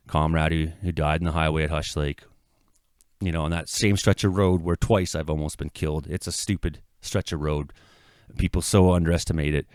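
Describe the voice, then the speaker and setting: A middle-aged man from Canada, a local weather vlogger, giving an earnest, halting apology that swells into impassioned outbursts. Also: sits low, smooth, no echo, studio quality. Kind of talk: emotional apology monologue. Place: his home.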